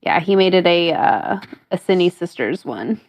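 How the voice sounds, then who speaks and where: A woman's voice: fairly low pitch, expressive, a little slow. A woman co-hosting a stream, chatty and full of hesitant fillers. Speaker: podcast co-host. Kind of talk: casual stream chat.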